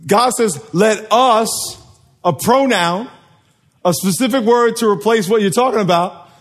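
A man's voice: high-pitched, unhurried, fairly bright tone. A man preaching a sermon to a live congregation, joking and quizzing the people in front of him. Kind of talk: sermon with call and response.

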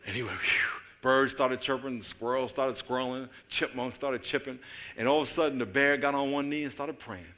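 A man preaching a sermon, telling stories with acted-out voices and jokes, moving between loud excited calls and quiet low asides. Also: normal speed, slight background noise. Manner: animated storytelling, acting out voices and jokes. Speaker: pastor.

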